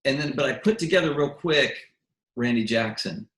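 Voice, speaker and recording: A man's voice: medium pitch, animated, moderate pace, fairly bright tone. A man, a musician and interview guest, tells stories animatedly, acts out quotes and often restarts his sentences. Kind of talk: casual interview storytelling. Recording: echoey room.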